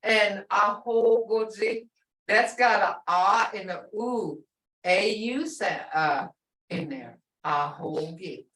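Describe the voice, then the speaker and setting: Slow, patient older woman teaching. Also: medium pitch, expressive, a bit bright. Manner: patient, drawing out words to model pronunciation. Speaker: language teacher. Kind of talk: online language class. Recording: roomy sound from far off the mic.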